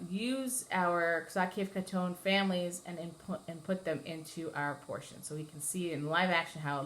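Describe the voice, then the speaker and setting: A woman cantor teaching a class on Torah chanting, explaining patiently and singing short chanted examples. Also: fairly low pitch. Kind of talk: class lesson with sung examples.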